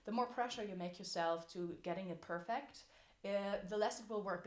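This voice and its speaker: A woman's voice: fairly low pitch, normal speed. A woman teaching a singing lesson as a vocal coach, explaining technique in an encouraging way. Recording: echoey room.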